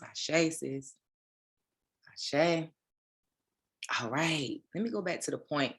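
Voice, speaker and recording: A woman's voice: sits low, a bit bright. A woman spiritual teacher giving a livestreamed talk, with preachy asides to her viewers.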